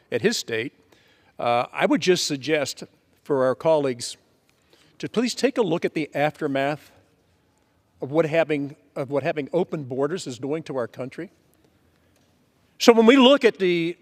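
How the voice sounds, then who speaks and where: Man, lawmaker on the floor, high-pitched, emphatic list-maker, reverberant chamber sound. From Pennsylvania. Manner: emphatic, repetitive lists. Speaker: congressman. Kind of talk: floor speech. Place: legislative chamber. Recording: long reverb of a large chamber.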